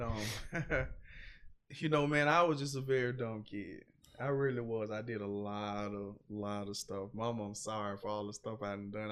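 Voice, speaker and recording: A man's voice: fairly low pitch, a bit bright, smooth. A man, a podcast guest telling a long, candid story in casual chat, rambling and swearing with many fillers.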